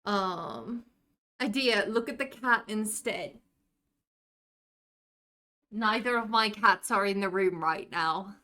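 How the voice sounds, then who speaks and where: A woman's voice: medium pitch, slow pace, long pauses, sharp tone. A woman live streamer chatting casually with her viewers in a put-on British accent, answering chat messages aloud from home. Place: home room.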